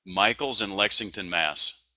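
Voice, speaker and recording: A man's voice: fairly low pitch, measured pace, pushed and bright, dry recording. A male co-host in casual chat, telling stories in an easygoing way. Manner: easygoing storyteller, laughs often. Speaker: podcast co-host.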